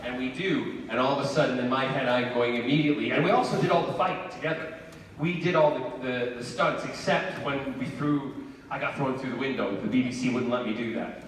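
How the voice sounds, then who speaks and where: A man's voice: medium pitch, a little fast. Guy telling a story at a con panel, super playful, heard from far off in a big echoey hall, crowd noise. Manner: playful, theatrical, acts out the people in his stories. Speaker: convention panel guest. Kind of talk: animated storytelling to a live audience. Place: large convention hall.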